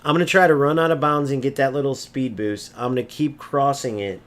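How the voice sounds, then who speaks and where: A man's voice: medium pitch, fairly even intonation, brisk. A man streaming a football video game, ranting and mocking opponents while he swears freely. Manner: brash, mocking, insults opponents and swears often. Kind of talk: gameplay commentary rant.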